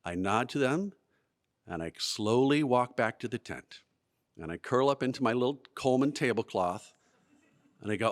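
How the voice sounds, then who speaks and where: A man tells a funny childhood story to a live audience in a museum event space. His voice swings widely in pitch as he builds to punchlines and sinks for the gloomy beats. The delivery is animated and well timed, the way a practiced storyteller works a room. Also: moderate pace. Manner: animated, lively delivery with comic timing.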